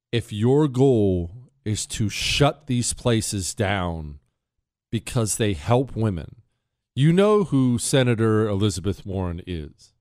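A middle-aged talk radio host with a lowish voice delivers an opinionated monologue in clean, echo-free studio quality. He's animated and indignant, swinging between loud outbursts and quiet asides.

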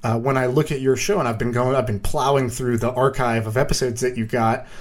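A man's voice: mid-range voice, fairly even intonation, fairly quick. Easygoing man hosting a podcast. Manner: easygoing, enthusiastic interviewer. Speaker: podcast host. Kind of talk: casual podcast chat.

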